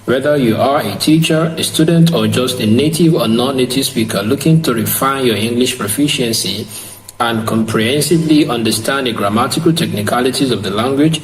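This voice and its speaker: A man teaching an English grammar lesson online, slow and repetitive, spelling words out letter by letter. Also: medium pitch. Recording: echoey room with faint hiss.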